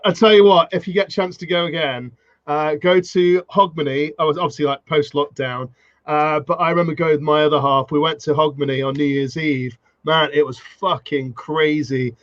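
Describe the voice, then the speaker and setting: A man's voice: a little high, fairly even intonation, no echo, lo-fi sound. A man hosting a podcast, chatting casually and agreeing eagerly with his guest. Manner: enthusiastic, quick to agree. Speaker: podcast host. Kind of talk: casual interview chat.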